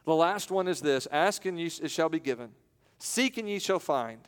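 A man preaching a sermon, his voice smooth and resonant and pitched a little high. He builds slowly with long pauses and sometimes acts out the voices in the stories he tells. His words ring out in a long church reverb. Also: animated. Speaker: pastor. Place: church sanctuary.

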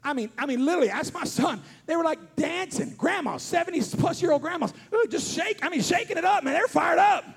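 High, gravelly preacher shouting. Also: male voice, lively intonation, a little fast, hardly any pauses. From Kentucky. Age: 40s. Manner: shouting, fervent revival preaching with comic asides. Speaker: pastor. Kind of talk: sermon.

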